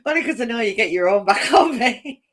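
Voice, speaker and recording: A woman's voice: on the high side, lively intonation, fairly bright tone. A woman chatting casually as co-host, giggly and teasing. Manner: giggly, teasing, drawn-out swearing. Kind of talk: casual chat.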